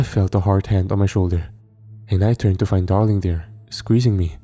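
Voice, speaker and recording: A man narrating a horror story in a measured storytelling manner. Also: low voice, steady tone, dark tone, husky, soft background music.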